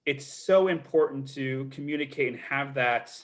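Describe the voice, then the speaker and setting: A middle-aged man speaks in a live online Q&A about his work as a literary agent. He is earnest and repeats words while he gathers his thoughts. His voice sits at an ordinary middle pitch. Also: moderate pace.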